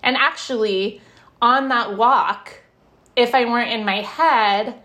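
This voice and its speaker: Animated woman author chatting in an interview. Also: on the high side, takes it slowly. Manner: animated, laughs while telling stories, lots of "like". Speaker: author and happiness researcher, interview guest. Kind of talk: conversational interview.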